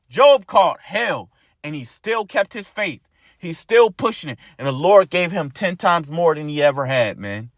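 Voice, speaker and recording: A man's voice: fairly high pitch, sing-song, measured pace, no echo, clean studio sound. A man preaching an informal sermon to his followers, blunt and profane, who keeps repeating his lines and ends his phrases with "man".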